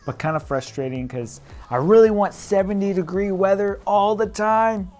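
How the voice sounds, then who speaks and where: A man in his thirties with a Midwestern American accent, giving casual advice straight to camera in a playful way that often breaks into laughter. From Midwest, United States. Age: 30s. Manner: playful, laughing, quick swings in pitch and loudness. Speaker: realtor vlogger.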